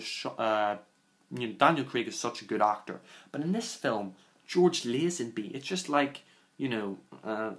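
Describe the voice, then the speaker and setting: A man's voice: mid-range voice, reverberant. A man giving a casual film review, rambling with lots of "you know" and "I mean" and sounding scathing and exasperated.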